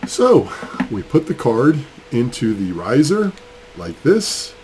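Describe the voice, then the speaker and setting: A man's voice: medium pitch, huge pitch swings, slow pace, warm tone, slight background noise. A man, fired up and ranting in a casual vlog while building a mining rig, sick with a cold. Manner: angry, fired up, rambling. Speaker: crypto mining channel host.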